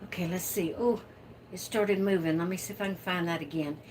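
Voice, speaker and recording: A woman's voice: lowish voice, fairly even intonation, brisk, darkish tone, a little hiss or hum. A woman hosting her own livestream from home, chatting casually and laughing often as she reads out viewer comments. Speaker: livestream host. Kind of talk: casual live chat reading viewer comments.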